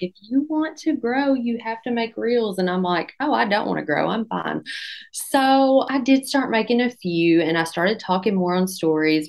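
A young adult woman, a dietitian guest, telling stories in a self-deprecating, animated way on a podcast. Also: lowish voice. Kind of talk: casual podcast interview.

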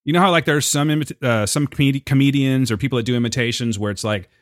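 A man's voice: medium pitch, fast, no echo. Enthusiastic male podcast co-host, dry sound. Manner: enthusiastic, laughs easily, emphatic. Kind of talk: casual chat.

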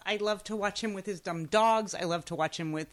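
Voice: medium pitch, fairly quick. Effusive, wry podcast co-host. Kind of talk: casual review chat.

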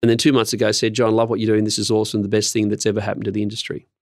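A middle-aged man who gives interview answers in a measured, earnest way. His voice is low and gravelly, and he often pauses with an um. The recording is close and dry. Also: completely flat delivery, dry recording. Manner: measured, earnest, with frequent ums. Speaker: podcast guest, industry program leader.

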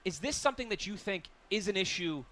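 A man hosting sports radio, chatty and self-deprecating, setting up questions with quick asides. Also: high-pitched, expressive, sharp tone. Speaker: radio host. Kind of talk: casual sports radio chat.

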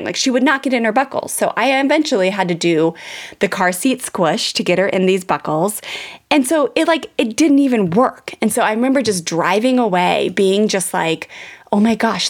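A woman in her thirties telling a personal parenting story to her listeners in a candid, animated way, full of fillers and restarts. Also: medium pitch. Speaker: podcast host.

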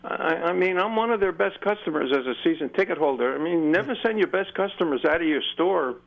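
A man's voice: fairly high pitch, expressive, brisk, creaky. An older man, a longtime fan, calling a radio show and rambling on in frustration. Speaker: caller. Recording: muffled phone line.

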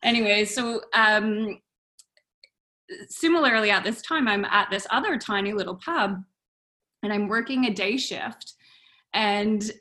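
A woman and wellness coach, telling a story in a casual interview, animated and acting out her dialogue with frequent laughs. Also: medium pitch, measured pace, pauses often.

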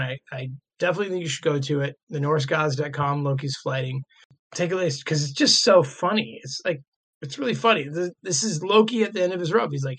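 A man in casual podcast talk, retelling old myths and reading passages aloud, excited, with lots of "like" and "right". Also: fairly high pitch. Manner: excited, laughing, many fillers like "like" and "right".

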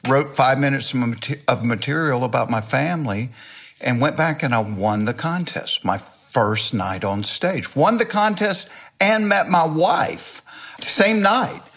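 A man's voice: mid-range voice, unhurried. An older man with a Southern US accent, telling folksy, self-mocking stories as a comedian guest in an interview. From Georgia, US. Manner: folksy, animated anecdotes with self-mocking humor. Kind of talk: storytelling interview chat.

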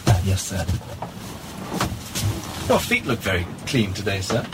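A meek, deferential servant in a comedic audio drama, answering with a hesitant, lively voice. Loud ambient noise, vehicles among it, fills the background. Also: male voice, sits low, unhurried, heavily acted. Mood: timid. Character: meek, obedient male manservant.

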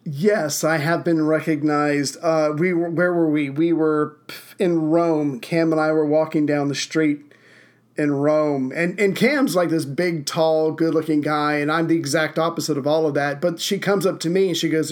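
A man's voice: on the high side, fairly even intonation, normal speed. A man hosting a podcast, telling stories in a rambling, self-deprecating way. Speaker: podcast host. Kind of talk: casual chat.

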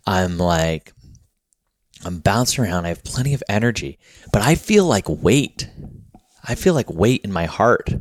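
A podcast host rambles through a casual monologue, drifting between thoughts with many filler words and frequent pauses. His slightly low voice is sing-song and measured, and he sounds a bit out of breath. The dry, close recording has no room sound.

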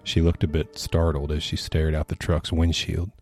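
Very deep-voiced male storyteller. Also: completely flat delivery, moderate pace, darkish tone, soft background music. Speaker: podcast storyteller. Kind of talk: scripted horror story narration.

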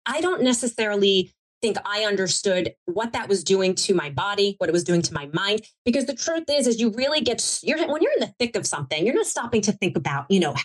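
Woman guest, mid pitch, heartfelt rambling storyteller who corrects herself. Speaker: TV producer guest. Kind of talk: conversational storytelling interview.

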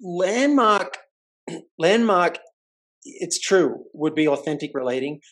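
A man hosting a podcast who talks in a relaxed, conversational way. He tells his stories with animation, and his voice jumps up when he acts out what other people said. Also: a little high, takes it slowly. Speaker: podcast host. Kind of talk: casual podcast storytelling.

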